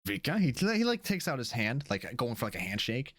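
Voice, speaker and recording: A man's voice: medium pitch, sing-song, brisk, a bit bright, no echo, clean studio sound. A man narrating a tabletop game as dungeon master, chatty and loose with many fillers.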